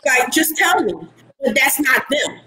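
A middle-aged woman co-hosting a casual talk show, telling stories in an animated, emphatic and plain-spoken way. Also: high-pitched, measured pace, rough recording. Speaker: podcast co-host. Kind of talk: casual chat.

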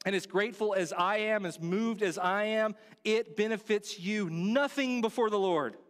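High-voiced earnest preacher in a reverberant hall. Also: male voice, normal speed, smooth. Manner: earnest, conversational preaching with direct questions. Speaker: pastor. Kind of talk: sermon. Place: church sanctuary.

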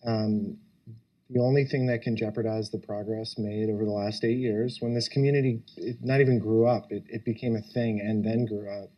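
A man's voice: on the low side, fairly even intonation, moderate pace, highs cut off. A man speaking on a policy panel, earnest, building his points in lists. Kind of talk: panel discussion.

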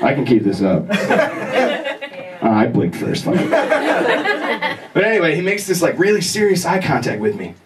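A young male comedian tells a story on stage at a bar, high-voiced and swinging his pitch all over. He sounds far from the mic, with loud bar noise behind him. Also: moderate pace, pauses often. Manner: animated, swears casually, acts out scenes. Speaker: stand-up comedian. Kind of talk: stand-up storytelling.

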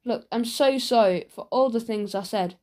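A woman's voice: fairly high pitch, normal speed, darkish tone, natural voice. A woman reading an audiobook, voicing a lonely rich schoolboy who talks in an earnest, apologetic way.

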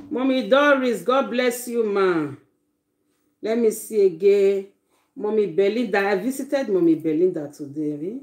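A Nigerian woman hosts a casual live stream, talking straight to her viewers. She calls out to them with effusive exclamations in an everyday mid-pitched voice. The room around her adds a noticeable echo. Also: lively intonation, a little slow, a little mellow. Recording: roomy echo.

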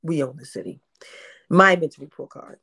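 Animated woman in her fifties. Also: deep voice, normal speed, husky. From Baltimore, USA. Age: 50s. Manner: animated, repeats herself, acts out quotes. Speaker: interview guest, independent filmmaker. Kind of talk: casual interview storytelling.

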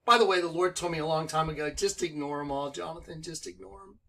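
A man preaching excitedly to an online audience, firing rhetorical questions and commenting on a clip. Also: on the high side, fast talker, creaky.

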